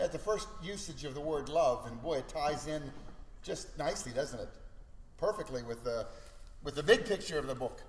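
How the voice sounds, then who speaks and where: Brief: high-pitched male Bible teacher, lively storyteller, echoey classroom with long reverb. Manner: animated storytelling, checks in with listeners. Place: school classroom.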